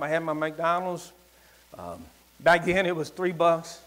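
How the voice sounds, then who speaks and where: A man with a rural Southern US accent preaches in a church service, his voice sitting high for a man. He talks in a folksy, emphatic way, swinging from ringing declarations to quiet, confiding asides. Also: steady tone, a little slow. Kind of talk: sermon with personal storytelling.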